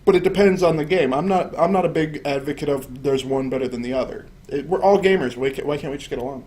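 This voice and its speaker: A man with a fairly high voice rattles off quick opinions on a casual gaming podcast. He is animated and joking and punches certain words with sudden emphasis. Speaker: podcast co-host.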